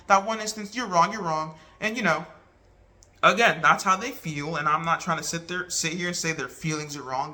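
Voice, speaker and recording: Bright-voiced man, earnest and halting. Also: fairly high pitch. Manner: earnest, halting retelling with many restarts. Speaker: vlogger. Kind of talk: casual talk to camera.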